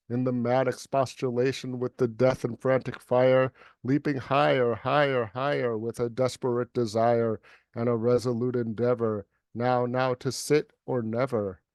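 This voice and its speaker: Poet reading on a video call, dark and dry tone, steady monotone. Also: male voice, mid-range voice, no echo. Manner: even, unhurried recitation with repeated words. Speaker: poet and guest reader. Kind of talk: poetry recitation and casual chat.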